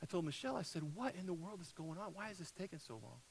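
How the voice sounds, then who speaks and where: A man preaching a sermon, telling a personal story in a conversational way, with loud peaks and soft drops. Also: high-pitched, sing-song, fast talker, creaky, slight background noise, rough recording. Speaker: pastor.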